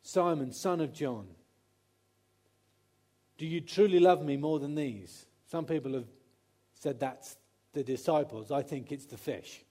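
A man's voice: on the high side, a little slow, warm tone. A man preaching a conversational sermon, often acting out quotes and restarting his sentences.

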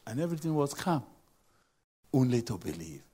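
A man's voice: medium pitch, very animated, moderate pace, dark tone, breathy edge. A man preaching a sermon, telling scripture stories dramatically and acting out the voices in quotes.

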